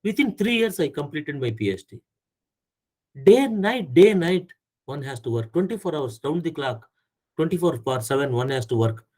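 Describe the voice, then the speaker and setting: A middle-aged lecturer speaks earnestly on management lessons drawn from scripture. He often repeats phrases for emphasis, and his fairly high voice swings through a very wide pitch range. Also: expressive, darkish tone, poor audio. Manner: rapid recitation of verse. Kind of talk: spiritual management talk.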